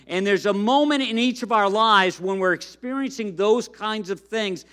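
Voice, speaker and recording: A man's voice: high voice, normal speed, a bit bright. A man preaching a sermon in a conversational way, with frequent fillers, and reading a storybook aloud to the congregation. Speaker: pastor.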